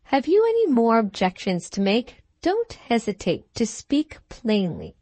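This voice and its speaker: A woman's voice: a little high, a little slow, no room sound, full character voice. A woman playing a cool, self-assured rich lady. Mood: coolly defiant. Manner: calm, cutting and composed. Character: wealthy, cool, self-assured woman engaged to a young lord.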